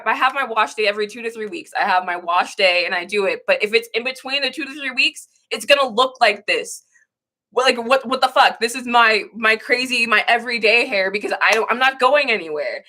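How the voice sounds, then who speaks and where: A woman's voice: on the high side, pushed and bright. A young woman hosting a casual livestream, talking candidly and emotionally, with frequent swearing and rambling restarts. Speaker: livestream host.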